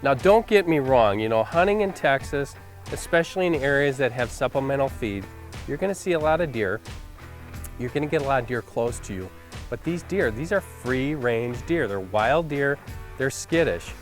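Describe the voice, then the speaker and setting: A man's voice: mid-range voice, lively intonation, normal speed, soft background music. Enthusiastic, chatty male hunting host. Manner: enthusiastic, conversational, filler-heavy. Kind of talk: reflective interview-style commentary.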